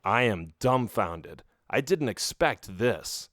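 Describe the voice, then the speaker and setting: A man's voice: mid-range voice, big pitch swings, unhurried, no room sound. A man narrating a children's audiobook in the first person, reading expressively into a close mic.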